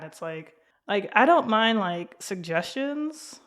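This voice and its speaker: A woman's voice: fairly low pitch, normal speed, fairly bright tone. A woman hosting a podcast in casual chat. She says "like" constantly and laughs easily. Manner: chatty, laughs often, says "like" a lot. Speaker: podcast host.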